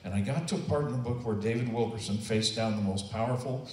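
A man's voice: medium pitch, fast, a little mellow. A man in his sixties giving an earnest, emotional personal testimony, acting out the voices of the people he quotes. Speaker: testimony speaker. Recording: roomy, distant and noisy.

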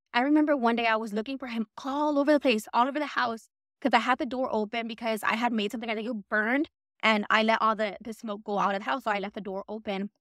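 A woman's voice: on the high side, a bit bright, no room sound, clean studio sound. Chatty woman telling a ghost story. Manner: chatty, lots of "I'm like" quoting. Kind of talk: casual spoken ghost story.

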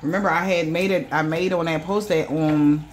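A woman's voice: low voice, fairly even intonation, moderate pace, slight background noise. A woman giving a loose, casual tarot reading, swearing freely and acting out the voices of the people she describes. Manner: loose, profane, acts out quoted voices. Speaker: tarot reader.

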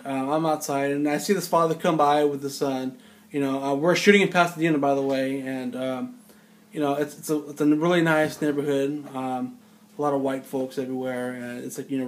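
A man's voice: mid-range voice, slight background noise. A man in his forties telling a rambling, incredulous story in casual conversational style. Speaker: storyteller recalling film-set security work. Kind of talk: casual spoken anecdote.

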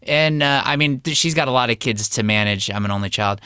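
A man's voice: medium pitch, a little fast, sharp tone, clean tone, dry recording. A man, a voice actor, chatting casually on a video call with dry, self-mocking humor. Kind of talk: casual panel chat.

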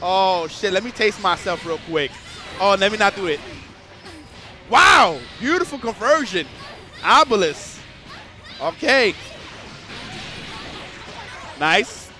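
Male streamer calling fighting game matches live; high, lively, bright voice with game music behind. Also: slow pace, pauses often. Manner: excitable, swears freely, bursts into shouts.

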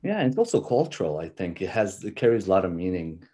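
Low mellow guy hosting a chat, hesitant, lots of uhs. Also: very animated, fast talker. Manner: hesitant, many "uh" fillers. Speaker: podcast host. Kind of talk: casual interview chat.

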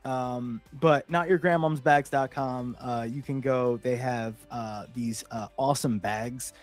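A man co-hosting a live-streamed talk show, improvising a mock report with many pauses and fillers. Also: mid-range voice, steady tone, faint music behind. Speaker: podcast co-host. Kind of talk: casual chat, mock weather report.

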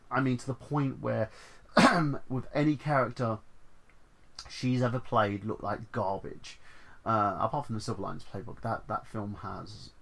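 A man with a low, gravelly voice talks through a film review in a loose, casual way. He rambles with lots of fillers and restarts, and his enthusiasm keeps spilling over. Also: fairly bright tone. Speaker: movie reviewer.

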